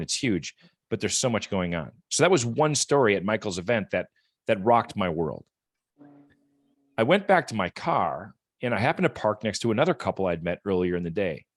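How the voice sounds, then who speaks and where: A man with a fairly low voice talks to a support group as a guest. He tells his stories earnestly and conversationally, doubling back on words. The sound is close and dry, with no room around it. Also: no echo. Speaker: guest speaker from a rehab equipment company. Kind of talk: storytelling talk at a support group meeting.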